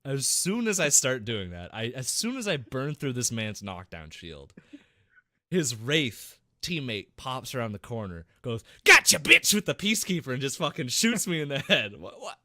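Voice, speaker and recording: Here a young man co-hosting a podcast recounts a gaming story, swearing a lot and performing voices and gunshots. His medium-pitched voice is very animated, bright and forceful, at normal speed, with clean studio sound and no room noise.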